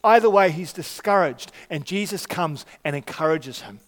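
A man preaching a sermon in a conversational way, often pausing on fillers and restarting his sentences. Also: on the high side, expressive. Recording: long reverb of a large hall.

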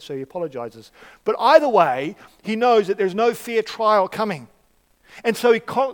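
A man preaching a sermon in a conversational way, often pausing on fillers and restarting his sentences. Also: high voice, very animated. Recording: long reverb of a large hall.

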